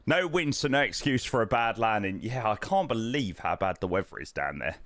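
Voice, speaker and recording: A young man chats on a live stream from home, self-deprecating and friendly as he thanks viewers. His pitch moves around a lot in a lively way, and his voice is close and dry. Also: a little fast, hardly any pauses, no echo. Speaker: flight simulator streamer. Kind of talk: casual live-stream chat.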